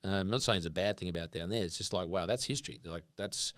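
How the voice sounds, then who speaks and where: An Australian man telling animated stories and sometimes swearing as a podcast guest. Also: low-pitched, fast talker, no echo, studio quality. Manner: animated storyteller, casual swearing. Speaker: guest farmer. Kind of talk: casual podcast conversation.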